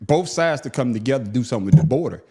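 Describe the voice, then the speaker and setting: A man's voice: mid-range voice, expressive, rapid-fire, darkish tone, husky. A man with a Southern accent hosting a casual podcast chat, repeating words and teasing his co-hosts. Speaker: podcast host.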